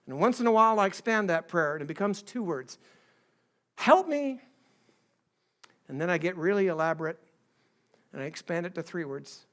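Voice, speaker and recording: A middle-aged male pastor giving a conversational sermon, acting out quoted voices and swinging between soft and emphatic delivery. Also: a little high, quick pace.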